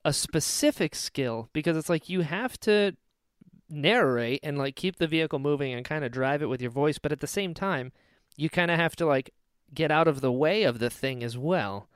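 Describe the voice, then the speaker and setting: Upbeat male host, smooth lively voice, dry close sound, playful and casual. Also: on the high side, normal speed, no echo. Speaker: podcast host. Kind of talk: casual interview chat.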